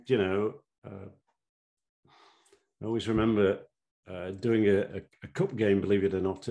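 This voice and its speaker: Brief: man in his 70s, rambling anecdotal guest, low voice. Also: darkish tone. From Sheffield, England. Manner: rambling with fillers, chuckling. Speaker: interview guest, former referee. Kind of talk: anecdotal interview storytelling.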